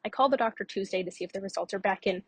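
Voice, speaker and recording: A woman's voice: medium pitch, racing, husky. A woman podcast host telling her own story in a candid, conversational way with frequent fillers. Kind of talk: personal storytelling monologue.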